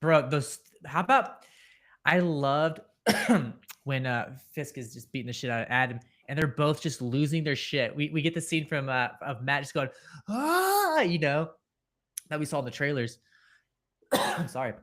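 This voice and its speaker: A man's voice: fairly high pitch, normal speed. Male co-host, casual live-call chatter, rambling and eager, home mic. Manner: rambling, excited, lots of fillers and coughs. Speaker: podcast co-host. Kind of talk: casual reaction discussion.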